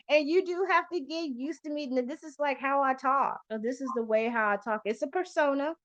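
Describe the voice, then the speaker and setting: With a high, fairly bright voice, a woman hosts a podcast in loose, casual chat, rambling, swearing freely, and using lots of fillers. The audio is lo-fi and muffled.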